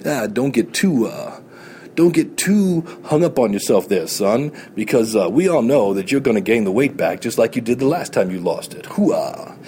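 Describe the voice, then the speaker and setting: Man putting on a barking drill-sergeant inner voice, gruff, mocking, a bit lower, set back from the mic. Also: big pitch swings, normal speed, warm tone, a little hiss or hum, close to an everyday voice.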